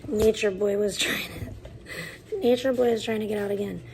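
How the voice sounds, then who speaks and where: A woman's voice: mid-range voice, normal speed, heavy background noise. Rambling, crude woman streamer. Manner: rambling, crude jokes, muttering to herself. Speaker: live streamer. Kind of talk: casual live-stream chat. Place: outdoors in the sun, tanning. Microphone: phone.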